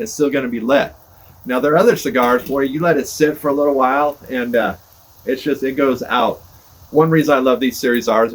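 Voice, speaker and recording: This is an older man, a podcast host, talking casually to camera while he sits by a fire on his porch outside, wandering through his thoughts with folksy self-deprecation. His voice is mid-range and a bit bright. The fire crackles and cars pass in the background.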